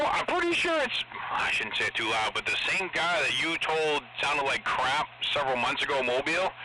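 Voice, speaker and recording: Man, animated, swearing, opinionated, noisy CB radio. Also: mid-range voice. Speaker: CB radio operator. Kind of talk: casual radio chat. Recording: CB radio with loud noise.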